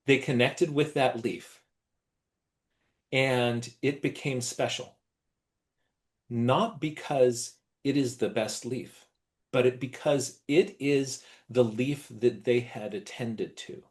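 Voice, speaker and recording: A middle-aged man leading an online workshop, animated, acting out gushing praise in a high voice. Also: takes it slowly. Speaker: workshop presenter.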